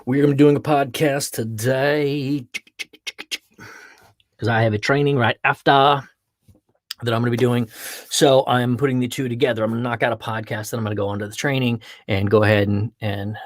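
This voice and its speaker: A man's voice: medium pitch, fairly even intonation, normal speed, no echo, studio quality. A man hosting a casual livestream podcast, playful and jokey, greeting viewers by name as he chats. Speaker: podcast host.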